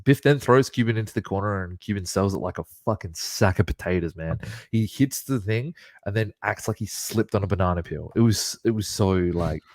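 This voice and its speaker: A man's voice: lowish voice, a little fast, no echo. A man co-hosting a podcast, recapping a wrestling match move by move and laughing often. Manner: play-by-play recap with frequent laughs. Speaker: podcast co-host.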